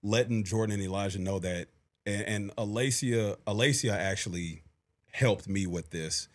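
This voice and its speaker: A man's voice: lowish voice, normal speed. A man, reflecting on fatherhood in a casual podcast chat. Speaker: podcast co-host.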